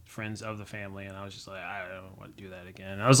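A man's voice: lowish voice, fairly even intonation, fast talker, a bit bright. A young man chatting casually as a guest, rambling with many fillers and acting out quotes. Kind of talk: casual chat.

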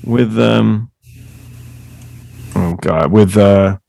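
A man chatting casually as a podcast guest, an excitable storyteller who swears freely and often trips over his own restarts. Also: on the low side, very slow, vocal fry, no echo. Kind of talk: casual chat.

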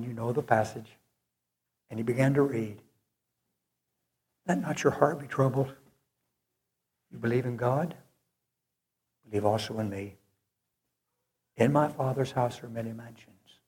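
A man's voice: medium pitch, a little mellow, slightly rough. A male preacher delivering an earnest sermon that rises to fervent moments. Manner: slow, earnest, rising to fervent.

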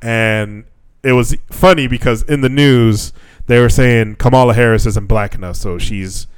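A man's voice: fairly low pitch, smooth, dry recording. A man co-hosting a casual podcast, ranting with lots of swearing and laughter. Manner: profane, ranting, laughs often. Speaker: podcast co-host. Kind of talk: casual chat.

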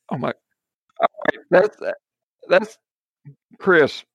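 A man's voice: high voice, animated, drawn-out words, a bit bright, slightly rough, dry recording, muffled recording. A man with a Southern US accent playing a tabletop game, chatting in a laid-back, jokey way. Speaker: player. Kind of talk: casual tabletop game chat.

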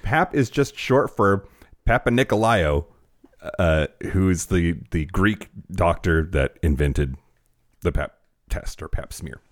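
A man's voice: sits low, lively intonation, slow. A man co-hosting a casual podcast, joking and swearing a lot, often restarting his sentences. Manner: profane, joking, lots of restarts. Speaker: podcast co-host.

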